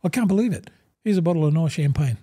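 An Australian man in his sixties, a former footballer turned broadcaster, telling animated stories in an interview and acting out quoted conversations. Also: a little high, quick pace, breathy edge. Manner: animated yarn-spinner, acts out quoted dialogue, says "mate" constantly. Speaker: guest, former rugby league player and broadcaster. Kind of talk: casual interview storytelling.

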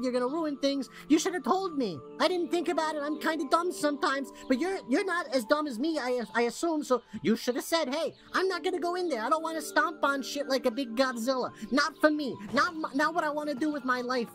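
An actor playing a tiny, overdramatic male town mascot in a video game, with a squeaky, childlike voice and whiny rants. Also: music in the background. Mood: panicked. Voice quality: squeaky, childlike and sing-song. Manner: whiny rants, swinging to a slow, flat, depressed mutter.

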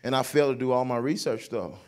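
A man with a Southern American accent from North Carolina, performing stand-up comedy with animated storytelling, laughing and breaking into shouts. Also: mid-range voice, fast talker. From North Carolina, USA.

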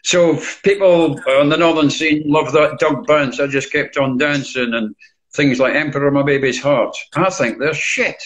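A man's voice: a little high, fairly even intonation, normal speed, fairly bright tone, low-quality recording. An older Scottish man, a DJ guest in a casual interview, talking bluntly and swearing freely. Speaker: guest, DJ and record collector.

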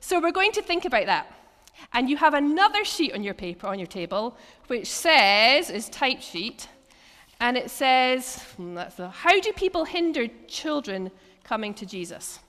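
A woman preacher leading an interactive church teaching session, telling Bible stories with animated asides and acted-out lines. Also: sits high, normal speed. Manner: lively, animated storytelling with acted quotes and laughs. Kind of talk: interactive sermon with table activities. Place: church hall. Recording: long church hall reverb.

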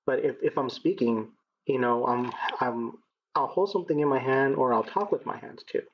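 A man in his thirties from Texas, a guest in an interview, speaking in a measured, reflective way with frequent ums. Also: mid-range voice, lo-fi sound, slight background noise. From Texas, United States. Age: 30s. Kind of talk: conversational interview.

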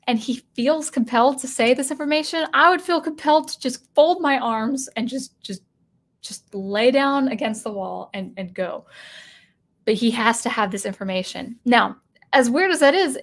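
Woman, commentary host, slightly high voice, animated, acts out quotes. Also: normal speed. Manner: animated, acts out quoted lines, frequent restarts. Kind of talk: casual spoken commentary.

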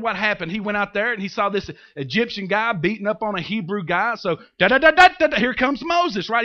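High-voiced, animated male pastor. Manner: animated, conversational preaching with humor and acted-out asides. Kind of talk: sermon. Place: church. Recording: dull lo-fi sermon recording.

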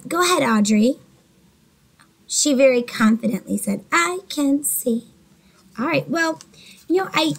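Slow, patient woman teaching young readers. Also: high voice, breathy edge, poor audio. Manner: slow, patient, encouraging, talks to unseen children by name. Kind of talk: early reading lesson for young children.

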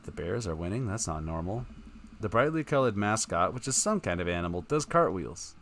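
A man's voice: low-pitched, big pitch swings, fairly quick, a bit bright, a little hiss or hum. A man streaming live, reading a text adventure aloud in a casual tone with wry asides.

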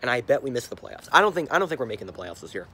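A man's voice: mid-range voice, big pitch swings, racing, bright, forceful tone, husky. A young man, a sports fan vlogger, ranting angrily to a handheld camera, repeating himself and stumbling over his words. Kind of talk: angry fan rant to camera.

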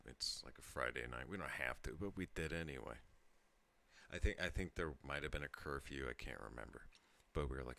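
A man's voice: very deep voice, brisk, gravelly, pushed and bright. A tipsy man in his thirties telling a rambling story to his channel, laughing and breaking off mid-sentence. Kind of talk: casual storytelling monologue.

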